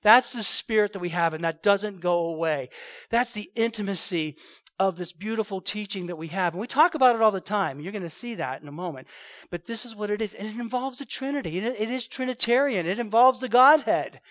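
A pastor preaching a sermon in an animated, emphatic way, often repeating his phrases. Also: high voice, brisk, no echo.

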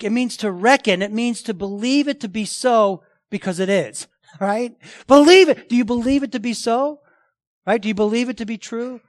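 A man preaching a sermon as pastor, emphatic, often asking the congregation questions and swinging between loud declarations and hushed lines. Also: sits high, dry recording, studio quality.

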